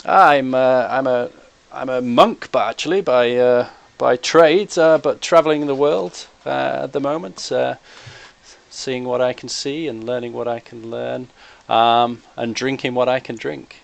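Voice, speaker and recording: Gravelly guy playing a tabletop game, lots of uhs, talks in character. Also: medium pitch, measured pace. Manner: hesitant, lots of fillers. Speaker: player.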